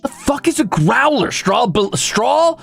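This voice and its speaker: A young man streaming casually, reading viewer comments aloud and ranting with lots of swearing, flipping between outrage and mock calm. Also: very high voice, measured pace, creaky, husky, faint music behind. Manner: profane, excitable ranting that swings to mock calm.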